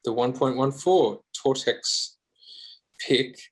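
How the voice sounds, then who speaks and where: Aussie guy guesting on a podcast, mid-pitched, rambly and laid back, lots of ums and restarts. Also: slow pace, breathy edge. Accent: Australian. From Australia. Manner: rambling, self-deprecating, frequent fillers and restarts. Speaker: guest guitarist. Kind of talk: casual podcast interview.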